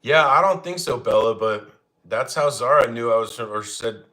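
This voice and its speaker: A man's voice: medium pitch, lively intonation, moderate pace, sharp tone. A young man hosts a laid-back cooking livestream from his home kitchen. He chats with viewers in a joking, easygoing way and laughs often. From Arizona, United States. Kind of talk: casual live chat reading comments.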